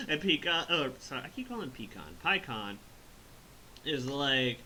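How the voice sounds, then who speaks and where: A man's voice: medium pitch, expressive, moderate pace, sharp tone, slight background noise, low-quality recording. A man hosting a casual review chat, rambling, swearing and laughing as he recaps the story. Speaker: host reviewing an animated film.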